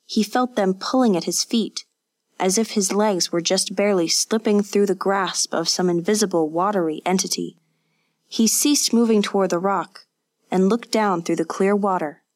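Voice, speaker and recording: A woman narrating a scripted story in a measured, vivid reading. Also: medium pitch.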